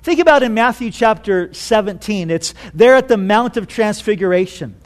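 A man preaching a sermon, telling stories with animated delivery and rhetorical questions. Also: high-pitched, normal speed. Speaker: pastor.

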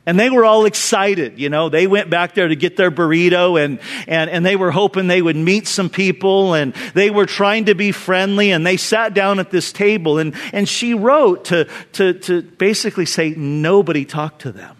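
A man's voice: sits high, normal speed, hardly any pauses, a bit bright, in a large hall. A male pastor preaching a conversational sermon, earnest and casual, often repeating words as he goes.

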